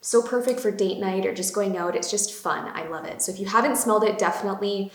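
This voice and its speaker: Speaking quickly at a medium pitch, a young woman talks up beauty products on her casual vlog. She's a bubbly, gushing beauty vlogger who uses lots of fillers, and the chatty product talk was recorded in an echoey room at home.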